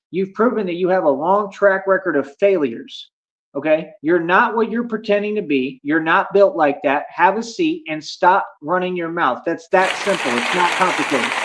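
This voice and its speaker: High-pitched man, boastful, defiant, livestream rant, dull lo-fi phone audio. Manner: boastful, defiant, addressing chat. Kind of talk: ranting livestream.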